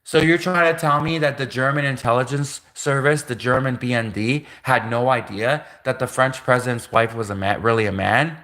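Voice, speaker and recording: Young Canadian guy, streamer, bright tense tone, loose repetitive rambling with frequent laughs. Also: mid-range voice, moderate pace, few pauses. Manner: repetitive, laughing often, casual filler-heavy. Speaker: livestream host. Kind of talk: rambling live commentary.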